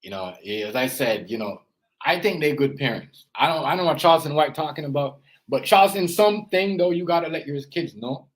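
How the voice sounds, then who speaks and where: A man's voice: on the high side, lively intonation, fairly quick, low-quality recording. A man and father giving casual reaction commentary, rambling and earnest, filling his talk with "you know" and "as I said". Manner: earnest, lecturing tone about parenting. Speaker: parent and reaction vlogger.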